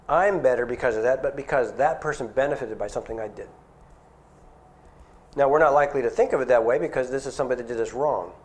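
A middle-aged man preaching a sermon in an earnest, conversational way, asking his listeners questions. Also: mid-range voice.

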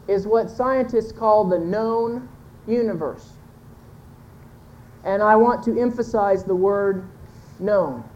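A woman's voice: medium pitch, darkish tone, dull audio, a little hiss or hum. A woman giving a folksy, earnest sermon-style talk to a church congregation, pointing to a chart and correcting herself as she goes. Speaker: church speaker teaching with a chart.

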